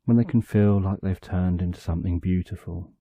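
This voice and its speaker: A man narrating a bedtime story for sleep, calm and drawn out, in short phrases with long pauses. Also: low-pitched, dry recording, phone-quality sound.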